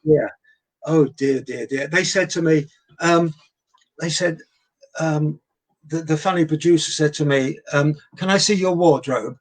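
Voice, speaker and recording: A man's voice: fairly high pitch, unhurried, rough recording. An older English man, a veteran entertainer, telling showbiz anecdotes in a chatty interview and acting out the voices of people he quotes. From England. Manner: animated storyteller, acts out quoted voices. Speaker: guest entertainer. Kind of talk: anecdotal chat.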